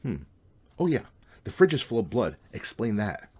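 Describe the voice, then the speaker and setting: A man's voice: fairly low pitch, sing-song, normal speed, darkish tone, breathy edge. Storybook sidekick, young man, eager and reckless, read by a man. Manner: upbeat, impulsive.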